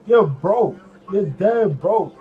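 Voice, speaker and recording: A man's voice: sits high, animated, slow pace, narrow, tinny audio. A game streamer, a man, hurling taunting, profane, repetitive insults at another player over voice chat.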